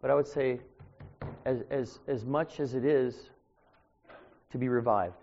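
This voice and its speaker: A man delivering an informal sermon as a preacher, talking in a conversational, anecdotal way that grows louder when he gets animated. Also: medium pitch, a little slow. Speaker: street preacher. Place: church. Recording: dull lo-fi sound.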